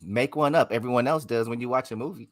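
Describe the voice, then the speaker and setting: A man's voice: mid-range voice, fast, background noise. A man co-hosting a live podcast in loose, profane banter, laughing often. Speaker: podcast co-host. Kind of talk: casual live podcast chat.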